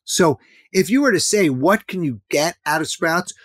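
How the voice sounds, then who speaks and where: A man's voice: on the high side, lively intonation, moderate pace, no room sound. Man, fifties, interview guest, emphatic, dry close sound. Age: 50s. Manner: earnest, emphatic, repeats key points. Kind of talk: interview conversation.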